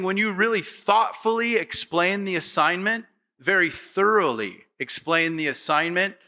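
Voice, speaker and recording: High-voiced bright preaching man. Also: normal speed. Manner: acts out quoted voices of the congregation; repetitive, rhetorical questions to the audience. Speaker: pastor. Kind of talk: sermon.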